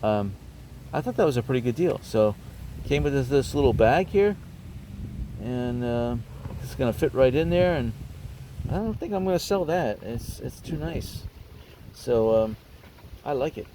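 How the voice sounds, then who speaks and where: A man's voice: medium pitch, a little slow, long pauses, slight background noise. Chatty man showing off bargains. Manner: chatty, hesitant with many ums, excited about bargains. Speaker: garage sale vlogger. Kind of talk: casual show-and-tell vlog.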